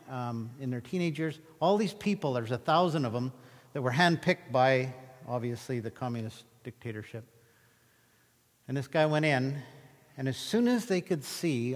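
A man preaching a sermon, telling Bible stories with animated, acted-out retellings of the scenes. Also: mid-range voice, long reverb tail. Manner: animated storytelling, acting out scripture scenes. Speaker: pastor.

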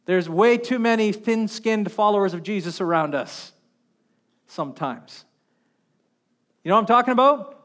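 A man preaching a sermon as pastor on a wireless mic, impassioned, swinging between loud calls and hushed stretches. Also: sits high, animated, normal speed, long pauses. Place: church sanctuary. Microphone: wireless handheld mic.

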